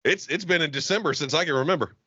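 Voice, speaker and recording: A podcast co-host from the Southern US speaks fast in a fairly high, sharp, husky voice. His casual comedic banter is profane and joke-filled with lots of laughter, and the audio is dull with no room sound.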